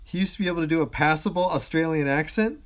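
A man hosting a podcast in casual chat, telling anecdotes with frequent restarts and easy laughter. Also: on the high side. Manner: laughs easily, chatty, halting restarts. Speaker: podcast host.

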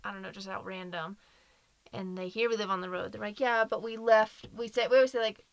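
A woman's voice: mid-range voice, fairly even intonation, brisk, gravelly, no room sound. A woman from Nashville with a Southern accent, co-hosting a podcast in casual, earnest, emotional chat. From Nashville, Tennessee. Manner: earnest, emotional, laughs easily. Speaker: podcast co-host.

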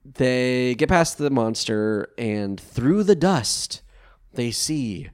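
A man chatting casually as a podcast co-host, his voice swinging up and down in pitch as he tells the story. His manner is wry and animated, with the odd swear. His pitch sits at a middling level. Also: extremely slow, smooth. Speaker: podcast co-host recapping an anime. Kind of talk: casual chat.

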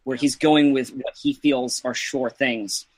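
A man's voice: mid-range voice, fairly even intonation, a little slow, poor audio. A man co-hosting a casual movie-review podcast, rambling a bit and trailing off with fillers. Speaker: podcast co-host.

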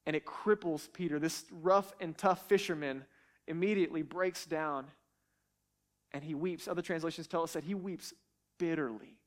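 A man's voice: a little high, normal speed. A man teaching from the Bible in an earnest, emphatic way, often repeating words as he goes.

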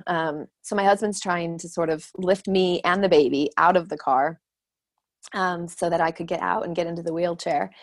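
A woman in her thirties telling a story in casual chat, animated and laughing often, acting out the voices she quotes. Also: fairly low pitch. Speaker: guest sharing her birth stories.

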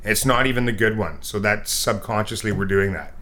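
Male podcast co-host, bright and forceful, lively storyteller who acts out sounds. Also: lowish voice, a little fast. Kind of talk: casual storytelling chat.

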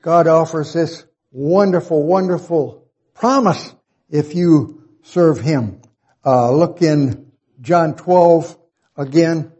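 A man's voice: on the high side, slow, dark tone, lo-fi sound. A man preaching a Bible-teaching sermon, reading verses aloud and repeating key points for emphasis.

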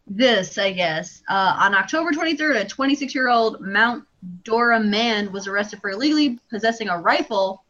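A woman co-hosting a podcast in casual comedic chat, reacting quickly and laughing often. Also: fairly high pitch, lively intonation, fairly bright tone, muffled recording. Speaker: podcast co-host.

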